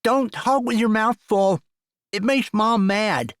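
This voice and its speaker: A man's voice: sits high, slow pace, a bit bright, no echo, studio quality, pitched above the performer's own voice. A man doing a piping little boy. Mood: cheeky. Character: small boy, cheeky young son.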